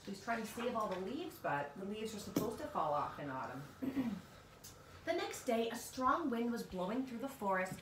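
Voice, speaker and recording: A woman reading a picture book aloud to a child in an expressive way, with asides to the listener, recorded far off in an echoey room with noise. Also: medium pitch, moderate pace. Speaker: storybook reader.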